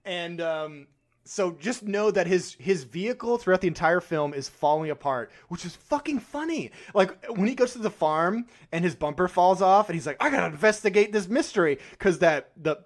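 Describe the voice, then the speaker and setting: A young man with a high voice co-hosts a casual movie podcast. He laughs often and drops into goofy voices to act out scenes he liked. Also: animated, normal speed. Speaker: podcast co-host. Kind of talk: casual movie review chat.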